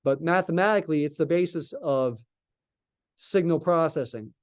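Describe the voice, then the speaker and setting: A man's voice: a little high, moderate pace, clean tone. A man teaching a live calculus class, thinking aloud and asking and answering his own questions as he goes. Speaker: math lecturer.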